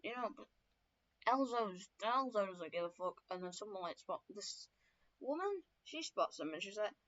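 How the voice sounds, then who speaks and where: A woman's voice: medium pitch, lively intonation, moderate pace, fairly bright tone. A young woman casually telling her own story lore, swearing often and stumbling through fillers and self-corrections. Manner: profane, rambling, many fillers and self-corrections. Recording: dull lo-fi recording.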